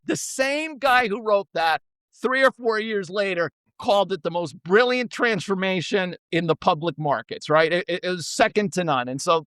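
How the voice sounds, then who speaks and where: A man in a podcast interview, telling stories in an energetic, blunt way and swearing freely. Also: sits high, dry recording. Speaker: podcast guest, former co-CEO. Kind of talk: casual storytelling.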